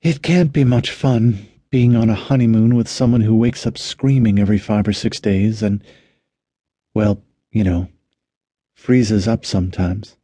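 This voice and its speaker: A man's voice: fairly low pitch, steady tone, a little slow, warm tone, husky, no echo. A man voicing a tired young woman shaken by nightmares, talking with weary exasperation.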